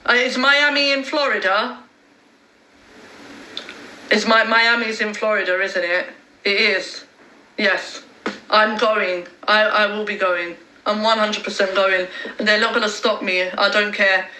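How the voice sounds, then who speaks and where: A woman's voice: mid-range voice, fairly even intonation, slow, pushed and bright, reverberant, low-quality recording. A woman hosting a casual livestream, hesitant and full of ums, talking to her viewers and reading chat aloud. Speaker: livestream host.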